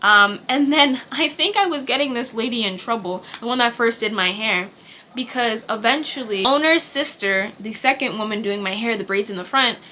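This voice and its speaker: A woman's voice: fairly high pitch, moderate pace, sharp tone, a little hiss or hum. A young woman vlogger telling a casual storytime, candid and chatty, swearing freely and acting out what people said. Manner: candid and chatty, swears, acts out quoted dialogue.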